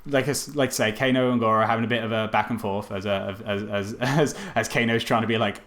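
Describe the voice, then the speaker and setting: A man's voice: on the low side, steady tone, fast talker, a bit bright. A man co-hosting a casual film review podcast, rambling, laughing often and stumbling over names. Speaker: podcast co-host.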